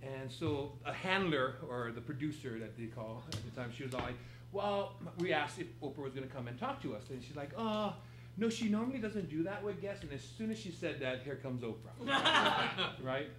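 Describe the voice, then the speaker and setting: A man's voice: mid-range voice, fairly quick. A man telling a funny story on stage at a live improv theater, laughing and acting out quotes. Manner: animated, laughing, acts out quotes. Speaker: guest storyteller. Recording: echoey theater with noise.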